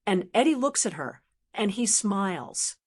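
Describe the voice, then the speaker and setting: A woman's voice: medium pitch, sing-song, a little slow, slightly rough. Older woman narrating a personal story. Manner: emotional, reflective.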